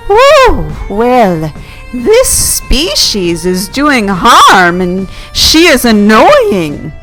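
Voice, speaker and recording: A woman voicing a fussy old male heron who rules a pond, exclaiming in a high, drawn-out voice. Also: huge pitch swings, a bit bright, soft background music, heavily acted. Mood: excited. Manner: exclaiming, drawn-out slow delivery.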